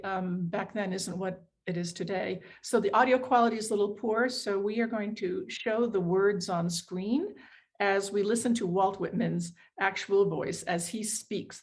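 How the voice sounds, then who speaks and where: A woman co-hosting on a video call, explaining and introducing a recording with a few ums. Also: medium pitch. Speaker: co-host.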